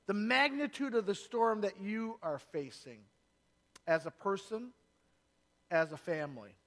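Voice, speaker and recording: A male pastor delivering a sermon in a church, his voice sitting notably high for a man. He preaches in rising, emphatic bursts, leaning hard into key lines of scripture. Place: church sanctuary.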